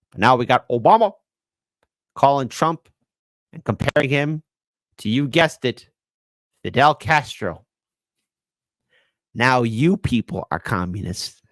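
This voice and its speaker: A man's voice: medium pitch, measured pace, long pauses, a bit bright, no room sound, clean studio sound. A man hosting live-stream political commentary in a sarcastic, mocking way, laughing at his own jokes.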